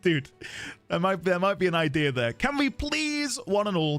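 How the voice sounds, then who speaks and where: A livestreaming gamer with a fairly high, slightly bright voice chats playfully on his game stream. He reads the chat aloud and laughs often.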